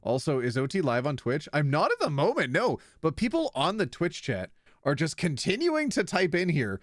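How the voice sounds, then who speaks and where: A man's voice: fairly high pitch, wildly swooping pitch, normal speed, no echo, studio quality. A man streaming live, reading online posts aloud in a casual, giggly way and stumbling over words as he reacts.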